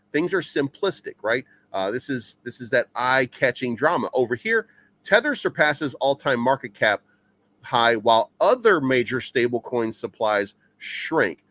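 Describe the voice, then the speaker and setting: A man at a middle pitch gives casual commentary on crypto headlines. He reads the articles out, then rambles in loose asides, stammering over repeated words and filling pauses with uh and um. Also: fairly bright tone. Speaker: crypto news channel host.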